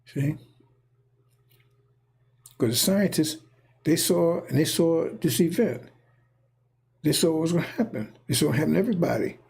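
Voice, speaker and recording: A man with a higher-pitched, expressive voice gives a rambling, prophetic monologue at a normal speed, with vocal fry and long pauses. His tone is darkish and slightly rough. He talks casually, repeats himself, and keeps checking in with listeners through "see?" and "right?".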